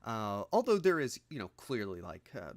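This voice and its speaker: A man with a lowish voice talks casually on a podcast, wandering through his points with fillers and self-corrections. His voice is recorded close and dry, with no room sound. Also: big pitch swings, normal speed, no room sound. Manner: rambling with frequent fillers and restarts, laughs through his points. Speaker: podcast co-host. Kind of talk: casual film discussion.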